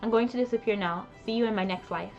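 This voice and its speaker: A woman's voice: mid-range voice, fast, muffled recording, soft background music, close to an everyday voice. Woman doing a chatty innocent little girl. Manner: light, bouncy, bright lilt. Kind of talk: reading game dialogue aloud.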